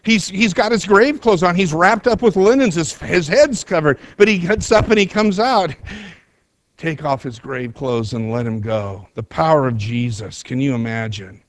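A man's voice: on the high side, expressive, moderate pace, no echo. A man preaching an earnest sermon, retelling a scripture story with rising emphasis. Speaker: pastor.

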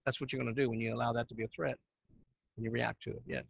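A man's voice: medium pitch, little pitch movement, rapid-fire, gravelly, slightly rough, dry recording, lo-fi sound. A man teaching church leaders in a conversational preaching style, often asking his listeners questions. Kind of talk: sermon-style teaching with slides.

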